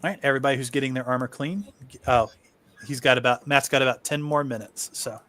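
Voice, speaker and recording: A man's voice: mid-range voice, fast, bright, forceful tone. A man narrating as game master for an online tabletop game in a laid-back, easygoing way. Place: home setup, online stream.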